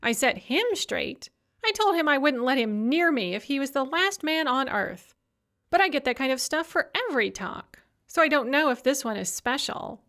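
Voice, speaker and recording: Brief: woman reader plays a high, whiny, condescending young woman in an audiobook, voice swooping all over. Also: very animated, normal speed, a bit bright, heavily acted. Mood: scornful. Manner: condescending, complaining. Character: supercilious, self-absorbed young woman activist.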